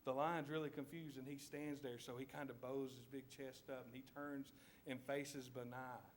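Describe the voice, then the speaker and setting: Southern preacher telling a vivid story. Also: male voice, medium pitch, little pitch movement, normal speed, slight background noise. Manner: vivid storytelling, asks listeners to picture scenes. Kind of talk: sermon. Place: church.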